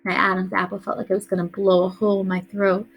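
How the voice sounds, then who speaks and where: A woman reading a novel aloud in a quiet, earnest first-person storytelling voice. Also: medium pitch, monotone, quick pace. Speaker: audiobook reader.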